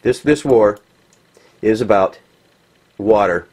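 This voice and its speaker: A man's voice: lowish voice, takes it slowly, a little mellow, husky. Heated, rambling man. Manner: heated, rambling, swearing, many fillers. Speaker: political commentator. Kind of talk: impassioned commentary over pictures.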